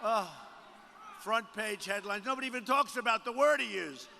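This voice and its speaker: Guy doing a rally speech, repeats himself a lot, bragging, kinda high voice, big echoey arena. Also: normal speed, gravelly, a little hiss or hum. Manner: repetitive, boastful, punchy with sudden shouted bursts. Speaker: political candidate at a rally. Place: large rally venue. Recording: long arena reverb with faint crowd.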